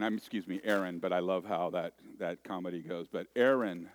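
A man's voice: low voice, brisk, hardly any pauses, no room sound. A middle-aged man preaching a sermon at a church worship service, in a folksy, joking way full of conversational asides and restarts.

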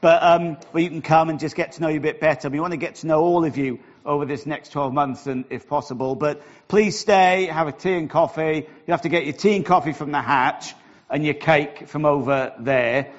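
A man's voice: a little high, a little fast. A middle-aged Welsh man, a pastor, opening a sermon in a chatty, joking, self-deprecating way in a church hall. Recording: dull lo-fi recording.

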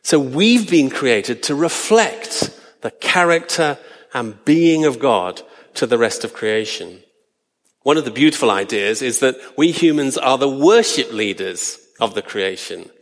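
A man preaching a sermon, earnest and slowing down for emphasis. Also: medium pitch, animated, fairly bright tone, long reverb tail.

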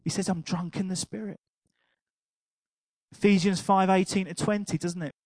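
An older man preaching a sermon, telling an anecdote with laughter and animated asides. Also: sits high, normal speed, no echo, low-quality recording. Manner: animated storytelling, laughing at his own anecdote.

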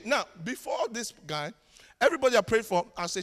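A man preaching and telling a testimony story, animated, breaking into laughs and loud prayer. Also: sits high, moderate pace. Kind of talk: testimony sermon. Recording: long hall reverb.

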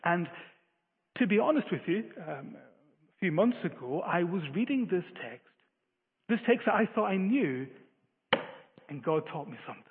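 A preacher delivers an earnest, emphatic sermon at normal speed, often restarting phrases and pausing frequently. His high, slightly husky voice swings widely in pitch. The audio is thin like a phone line, with a long hall reverb behind it.

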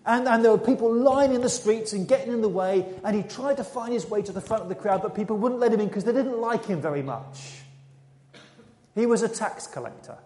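A male preacher tells a story as a sermon, dramatic and then hushed. His voice sits high for a man and sounds mellow. A long reverb fills the church hall around him. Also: fairly quick. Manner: dramatic storyteller, quiet and intimate at the close.

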